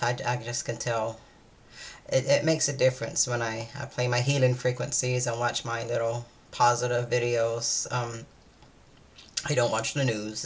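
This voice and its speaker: A tired woman, chatting casually in a vlog, meandering and hesitant, with many fillers and restarts. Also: extremely low pitch. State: weary, low-energy. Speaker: vlogger. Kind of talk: casual day-in-my-life chat.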